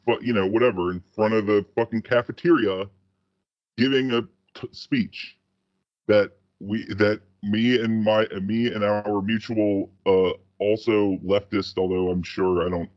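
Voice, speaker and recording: A man's voice: on the low side, no echo. Rambling, profane man on a lo-fi podcast. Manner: rambling, profane storytelling with many restarts. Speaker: podcast co-host. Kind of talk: casual chat.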